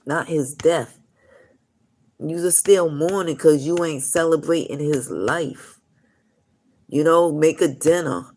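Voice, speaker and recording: Gravelly man telling rambling stories. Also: a little high. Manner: rambling, full of "you know" asides. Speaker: live streamer. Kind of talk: casual rambling storytelling.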